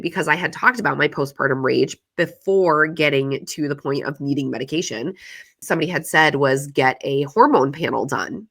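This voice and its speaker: A woman's voice: low-pitched, moderate pace, bright, forceful tone. A woman hosting a podcast, telling her story in a casual, confessional way, swearing freely and using lots of "like" fillers. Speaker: podcast host. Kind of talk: candid solo podcast monologue.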